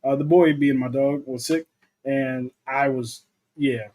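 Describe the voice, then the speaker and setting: On a casual film livestream, a young man serving as co-host chats freely and reads out comments from viewers. His mid-range voice is steady, unhurried, and darkish.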